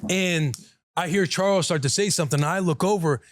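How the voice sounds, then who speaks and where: A man's voice: sits high, a little fast, dry recording, studio quality. A man in his thirties, a podcast host, animatedly telling a story in casual chat and acting out the people in it. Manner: animated, profane, quotes people in dialogue.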